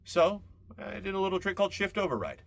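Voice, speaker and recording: A man hosting a podcast, telling a long comic story in a casual, profane and animated way. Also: high-pitched, fast talker, gravelly, a little hiss or hum. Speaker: podcast host.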